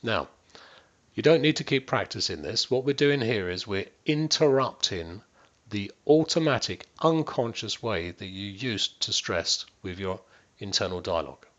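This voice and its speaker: A man working as a wellbeing coach, walking listeners through a guided stress-management exercise. He speaks to them directly, checks in often and drops to near-whispers and slow, stretched words to demonstrate. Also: on the low side, lively intonation, a bit bright, dull audio.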